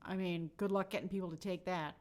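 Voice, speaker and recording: Hosting a live stream, this young woman speaks a little quickly in a lowish voice with fairly even intonation. She's friendly and chatty, reading out viewers' comments and names.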